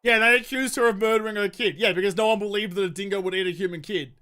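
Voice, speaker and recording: A man's voice: high voice, quick pace, pushed and bright, smooth. A young man chatting casually while streaming a game, swearing freely and answering viewer questions. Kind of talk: casual live-stream chat while gaming.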